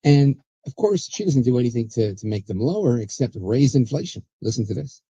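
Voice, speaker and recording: A man's voice: mid-range voice, big pitch swings, a little fast, dark tone, husky, dry recording, highs cut off. A man hosting a political talk show, chatty and sarcastic, rambling with restarts. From USA. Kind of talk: casual political commentary.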